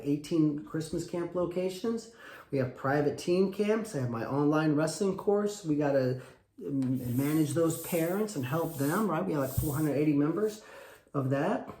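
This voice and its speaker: A man's voice: fairly high pitch, a little mellow, reverberant. A man, a wrestling coach, giving emphatic advice and acting out short parent talks. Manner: acts out little parent dialogues, emphatic and repetitive. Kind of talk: animated coaching talk.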